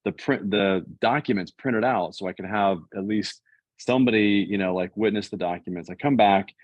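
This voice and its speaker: A man in his fifties from the US East Coast, telling a business story in casual, animated chat and acting out what other people said. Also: fairly low pitch, no echo. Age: 50s. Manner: animated, fast, acts out other people's quotes. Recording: dull, dry, lo-fi sound.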